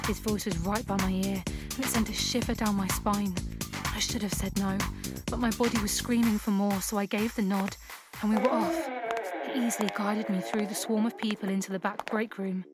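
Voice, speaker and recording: A woman reading a first-person erotic story aloud in a calm, even storytelling voice. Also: medium pitch, fairly quick, over loud music. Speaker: narrator.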